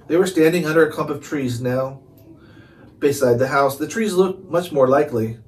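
A man narrating a chapter book aloud in calm, steady read-along storytelling. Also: on the high side, normal speed. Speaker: storybook reader. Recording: distant mic, faint hiss.

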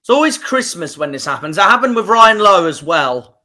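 A man's voice: sits high, sing-song, moderate pace, bright, forceful tone. A young man with a Cornish accent, angry and swearing as he hosts a football fan livestream reaction. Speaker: football fan channel host.

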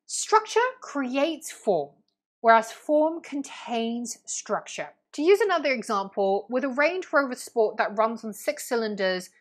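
A young adult woman explaining a lesson to students, clear and patient, step by step. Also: fairly high pitch. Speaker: teacher.

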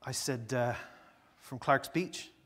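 A man's voice: mid-range voice, takes it slowly, fairly bright tone, long reverb tail, slight background noise. A middle-aged man, a pastor telling a childhood story in a conversational sermon full of fillers and restarts. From Newfoundland, Canada.

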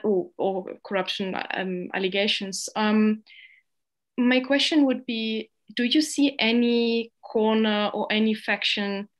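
A woman moderating an online panel discussion, polite and a little hesitant, with fillers as she poses questions. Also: medium pitch.

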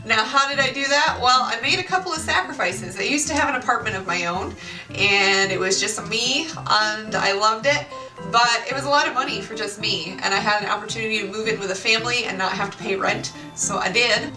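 A bubbly young woman in her late twenties chats to the camera in an eager, exclamatory way. Her voice sits a bit high, and she is picked up from a few steps back in an echoey room with music playing under her. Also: a little fast. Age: 20s. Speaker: YouTuber. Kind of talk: casual chat to camera. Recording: roomy echo, far from the mic, music behind.

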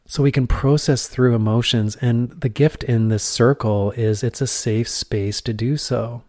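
A middle-aged man speaks earnestly into a close microphone, with a mellow, dark tone at a middle pitch. The sound is dry, with no room echo. His reflective monologue circles back on itself in repeated phrases and questions. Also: fairly even intonation, measured pace. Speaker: podcast host.

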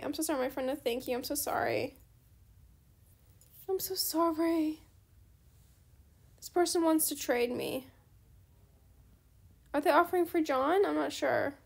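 Trading in a game, a gaming channel host chats casually to herself and her audience in a high, gravelly voice. She's a young woman who is talkative, quick to get excited, and apologizes frequently throughout the gameplay commentary.

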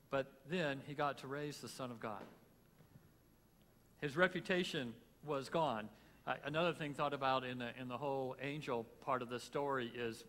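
A man's voice: a little high, fairly bright tone. Man, pastor, plain reflective sermon, closing prayer, long hall reverb, faint room noise. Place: church sanctuary.

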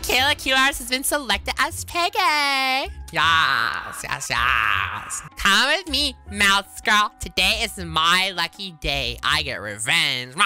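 A woman hosting a gaming video with casual gameplay commentary, sassy and teasing, breaking into sudden excited shrieks. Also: medium pitch.

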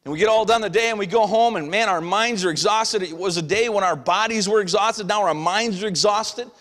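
In a church sanctuary with long hall reverb, a middle-aged pastor preaches a sermon in a folksy, conversational manner. His voice is high and fairly bright, and he moves at a brisk clip while acting out small everyday voices.

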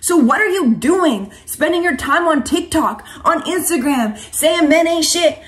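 A woman's voice: high voice, animated, unhurried, hardly any pauses. A woman coach and vlogger giving an impassioned, preachy monologue to camera, casual and slangy, calling viewers sweetheart and honey.

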